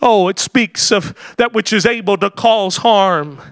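A man preaching a sermon, building to shouted climaxes with hallelujahs and dropping into quick explanatory asides. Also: sits high, smooth, dry recording, studio quality. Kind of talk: Pentecostal-style sermon.

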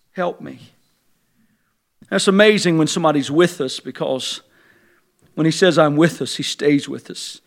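A male pastor preaching a sermon in a church sanctuary, swinging between hushed, intimate passages and fervent shouted climaxes. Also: fairly high pitch, measured pace, creaky, long pauses.

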